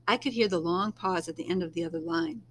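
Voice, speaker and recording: Soft-spoken woman reading a novel aloud. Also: mid-range voice, expressive, fast talker, a little hiss or hum. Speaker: reader.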